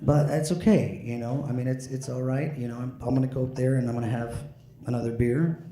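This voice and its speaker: A man's voice: mid-range voice, fairly even intonation, mellow, slight background noise. A man doing a stand-up comedy set, tipsy, rambling with many fillers and restarts. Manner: rambling, halting delivery with frequent fillers and restarts. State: a bit drunk. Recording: echoey room with faint ambience.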